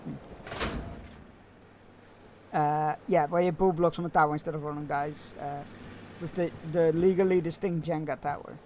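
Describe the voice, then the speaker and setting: A man's voice: a little high, fairly even intonation, normal speed, pauses often, darkish tone, slight background noise. A man streaming a video game, chatting casually and musing aloud, with frequent fillers and chuckles. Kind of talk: casual gameplay commentary.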